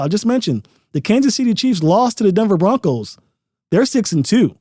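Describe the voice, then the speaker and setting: A man hosts a sports podcast in an emphatic, casual way, leaning on repeated phrases. His voice sits a little high but sounds mellow. The recording is dry and close. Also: sing-song, normal speed, dry recording. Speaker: podcast host.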